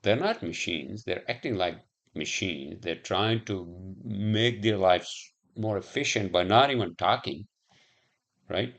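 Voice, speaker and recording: A man's voice: sits low, slow pace, gravelly, a bit bright. A man rambling in a casual monologue, swearing often and musing aloud with lots of fillers.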